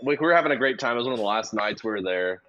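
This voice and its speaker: A man joining a podcast chat, lively and joking with laughter. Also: on the low side, very fast, highs cut off.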